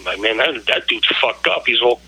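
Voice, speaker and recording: A man's voice: medium pitch, animated, moderate pace, bright, forceful tone, husky, rough recording. A man, a graffiti-writer guest talking in a profane, rambling way and saying "you know" constantly. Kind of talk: casual chat.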